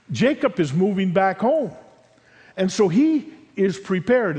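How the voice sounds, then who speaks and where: A man preaching a sermon, retelling a story as he voices its figures and swings between loud and hushed passages. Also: high-pitched, in a large hall. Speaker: pastor.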